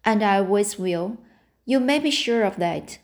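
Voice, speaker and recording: A woman's voice: mid-range voice, lively intonation, a little slow. A woman reading the lines of a loyal young girl, speaking earnestly and mournfully. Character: girl, loyal, sorrowful best friend.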